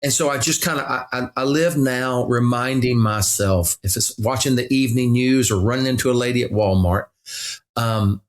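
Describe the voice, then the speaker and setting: A middle-aged pastor, a guest on a podcast, talks earnestly and reflectively, telling stories and often restarting his sentences. His voice is medium in pitch and he speaks at normal speed.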